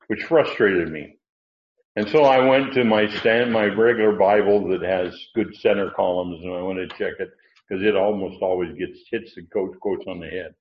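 A very low-pitched man leads a casual Bible class, thinking aloud as he goes and circling back on his phrasing. The recording is muffled and lo-fi. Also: moderate pace, slight background noise. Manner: conversational, thinking aloud with fillers and restarts. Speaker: Bible teacher. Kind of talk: informal Bible lesson. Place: class with online listeners.

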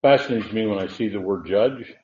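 A man's voice: fairly low pitch, a little fast, a little mellow. A man teaching a Bible passage verse by verse in a conversational way, thinking aloud, with many fillers and restarts. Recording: echoey room, phone-like narrow sound.

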